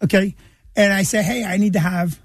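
A man's voice: high voice, steady tone, fairly quick, breathy edge, dry recording. A man, telling a funny story as a guest. He talks animatedly, laughs between lines and puts on the voices of the people in his story. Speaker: comedian guest. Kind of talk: comic storytelling.

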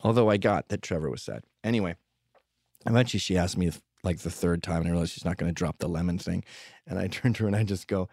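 A man's voice: deep voice, fast, vocal fry, a little mellow, no echo, studio quality. A man telling rambling, profane stories with sardonic humor in a comedic monologue. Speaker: podcast host telling stories.

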